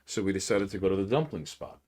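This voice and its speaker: New york guy cohosting a podcast, swears a lot, animated storytelling, gets loud then quiet. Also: deep voice, fast. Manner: profane, animated storytelling with swings in loudness. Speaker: podcast co-host. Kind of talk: casual chat, storytelling.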